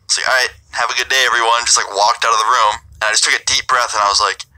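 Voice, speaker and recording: A young man telling a storytime anecdote in a casual vlog, animated and full of swearing. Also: medium pitch, racing, rough recording. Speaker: YouTuber.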